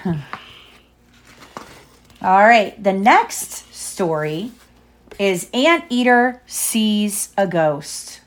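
A mother reading a picture book aloud to her child, pausing to explain pages and ask questions. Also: medium pitch, lively intonation. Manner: stops to explain and quiz the child.

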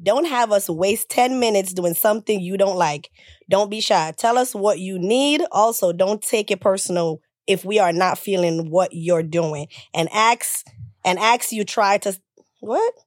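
A woman co-hosts a casual podcast and reads through a list frankly, with a playful edge. Her pitch is in the middle range, and the sound is dry and close. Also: unhurried, no echo. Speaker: podcast co-host.

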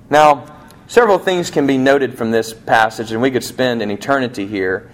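A man preaching a sermon in a conversational way, asking rhetorical questions and acting out quoted lines, slowing down to stress key points. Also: medium pitch, animated. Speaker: pastor.

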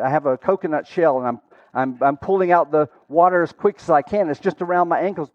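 Male preacher, fairly high voice, dramatic storytelling with loud and hushed swings; dry, muffled recording. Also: dry recording. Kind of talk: sermon.

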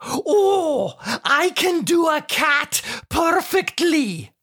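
A woman's voice: sits high, very animated, drawn-out words, a bit bright, full character voice. A woman playing a sarcastic, teasing wife in a scripted comedy sketch, tossing off dry, mocking put-downs. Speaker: co-host of a comedy show.

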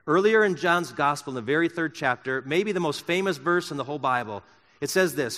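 Bright-voiced preacher in an echoing hall. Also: male voice, a little high, animated. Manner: impassioned preaching, swinging from loud emphasis to soft and slow. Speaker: pastor. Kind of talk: sermon. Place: church sanctuary.

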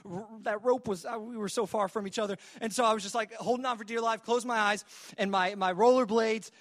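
High-voiced young man telling a sermon story. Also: steady tone, fairly quick. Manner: conversational, many fillers and restarts.

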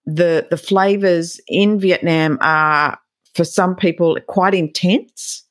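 A woman's voice: on the low side, fairly even intonation, takes it slowly, no echo, studio quality. A woman interviewer asking long, rambling conversational questions.

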